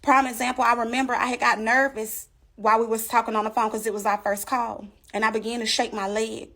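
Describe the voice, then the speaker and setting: Animated woman telling a story. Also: on the high side, a little fast. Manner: animated, emphatic, talks straight to the audience. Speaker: storyteller giving a testimony. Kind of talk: casual storytelling to viewers.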